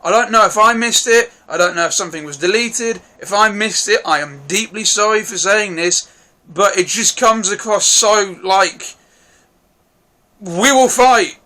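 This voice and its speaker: High, bright-voiced man rambling through a film review. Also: normal speed. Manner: rambling, frank, apologetic hedging; swears casually. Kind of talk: casual spoken film review.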